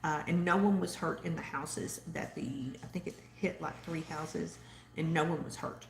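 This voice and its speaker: A woman's voice: sits low, normal speed, vocal fry, roomy sound, slight background noise. A woman with a Southern accent hosting a casual live-stream chat, rambling chattily and reading viewer comments aloud. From Texas. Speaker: host.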